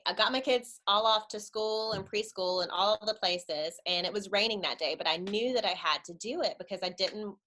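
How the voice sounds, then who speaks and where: A woman's voice: medium pitch, sharp tone. Thirties woman, conversational church speaker, earnest and direct with her listeners. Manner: earnest, conversational, addresses audience as guys and y'all. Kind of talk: informal church talk, webinar.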